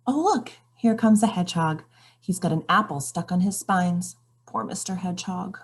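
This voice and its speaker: A woman's voice: fairly low pitch, lively intonation, normal speed, slightly rough. A woman reading a children's picture book aloud, expressively questioning the characters. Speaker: read-aloud storyteller.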